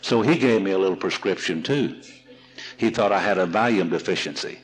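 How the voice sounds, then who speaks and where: Folksy low-voiced man telling stories. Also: fairly quick, rough recording. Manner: folksy, humorous, repeats and restarts. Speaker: recovery seminar speaker. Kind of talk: storytelling talk to an audience.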